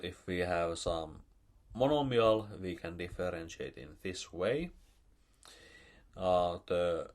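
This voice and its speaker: Male math lecturer, Finnish accent, slow and halting delivery with a varied pitch. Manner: slow, halting, with many fillers.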